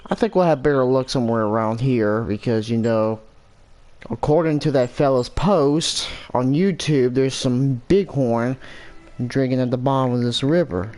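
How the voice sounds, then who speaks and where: Male gamer, mid pitch, casual play-by-play, mutters his thoughts aloud. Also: moderate pace, darkish tone. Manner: thinking aloud, muttering to himself. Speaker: gameplay commentator. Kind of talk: casual gameplay commentary.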